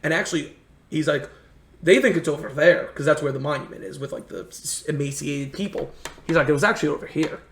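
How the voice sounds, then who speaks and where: A man's voice: on the high side, fast, a bit bright, slight background noise. A man from the United States telling rambling, earnest travel stories in a casual chat. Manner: earnest, rambling anecdotes with many restarts. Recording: echoey room.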